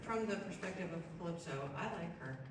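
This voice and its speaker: A woman's voice: on the low side, expressive, background noise. Woman poet reading in an echoey room. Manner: casual and giggly between poems, slow and deliberate when reading. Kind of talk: live poetry reading with chatty introductions. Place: live reading at an arts venue. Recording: roomy echo, distant mic, faint ambience.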